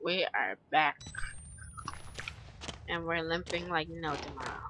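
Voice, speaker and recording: A woman gamer commentating her play, swearing, shouting in frustration and laughing. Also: low voice, slow, background noise. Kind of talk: gameplay commentary.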